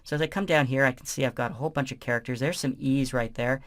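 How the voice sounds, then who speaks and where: A man narrating a software tutorial as instructor, explaining each step in a relaxed, conversational way. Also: medium pitch, quick pace.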